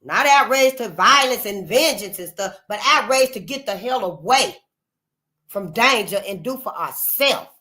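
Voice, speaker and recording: A woman's voice: on the high side, lively intonation, measured pace, pushed and bright. A woman, hosting a casual livestream and speaking bluntly and profanely, repeating phrases for emphasis. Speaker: channel host.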